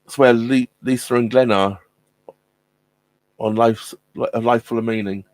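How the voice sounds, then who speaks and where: A man's voice: medium pitch, fairly even intonation, unhurried, a little mellow, no echo. A man hosting a casual live stream from his narrowboat, chatting with viewers in a rambling way, full of ums and restarts, laughing often. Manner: laughs often while talking.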